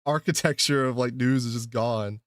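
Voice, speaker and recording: A man's voice: mid-range voice, moderate pace, no room sound, clean studio sound. A man hosting a podcast in casual chat, laid-back and full of fillers, swearing now and then. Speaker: podcast host.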